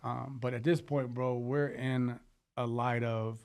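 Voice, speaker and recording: A man's voice: medium pitch, fairly even intonation, measured pace, gravelly, a little mellow, clean tone. A male stand-up comedian in casual conversation, talking in a laid-back, profane, reflective way and calling his friend "bro". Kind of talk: casual podcast chat.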